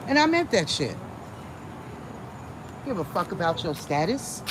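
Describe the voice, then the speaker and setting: A woman's voice: fairly low pitch, measured pace. Profane, blunt woman telling a story. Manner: blunt, profane and animated, often laughing. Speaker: psychic reader hosting a live stream. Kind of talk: casual storytelling to a live chat. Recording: steady background noise with passing vehicles.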